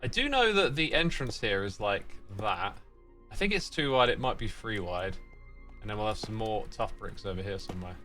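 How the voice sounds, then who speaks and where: A man hosts a relaxed gaming livestream, chatting with viewers and reading their messages aloud. His voice is bright and sharp, and his pitch swings a lot, especially when he jokes. Faint music plays behind him. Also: normal speed. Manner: reads chat messages aloud and answers them while playing; playful, teasing fake sign-offs. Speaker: livestream host. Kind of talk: casual gaming livestream chat.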